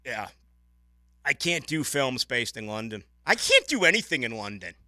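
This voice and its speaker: Bright-voiced ranting radio host man. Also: mid-range voice, moderate pace, dry recording, clean studio sound. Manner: animated, ranting, opinionated. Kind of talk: casual radio chat. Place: radio studio. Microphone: studio microphone.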